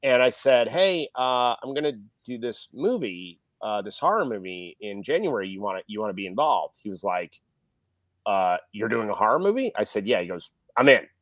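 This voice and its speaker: A middle-aged film director's voice sits on the low side as he talks at normal speed on a podcast, recorded dry. His casual storytelling is animated, with impressions of the people he quotes.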